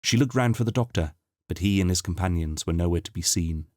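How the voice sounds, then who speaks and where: A man narrating an unabridged audiobook in a steady, measured reading voice. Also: low-pitched, no room sound, studio quality. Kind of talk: scripted narration.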